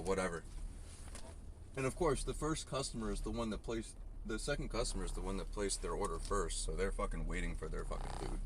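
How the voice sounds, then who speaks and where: A young man, a delivery driver, ranting heatedly and profanely about his shift as he drives. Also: low-pitched. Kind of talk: ranting vlog while driving. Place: inside a car. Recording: noisy in-car recording. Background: car and road noise, navigation prompts.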